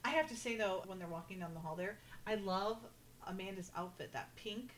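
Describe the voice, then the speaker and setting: A woman's voice: medium pitch, fairly quick, slight background noise, rough recording. A woman hosting a casual podcast, chattily retelling TV scenes. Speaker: podcast host recapping a TV episode. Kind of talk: casual chat.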